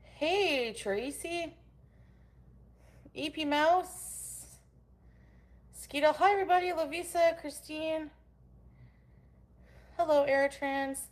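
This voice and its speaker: A woman's voice: high-pitched, takes it slowly, long pauses. A woman hosting a casual livestream from home. She greets her chat viewers by name and goes on angry, profane rants. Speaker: livestream host.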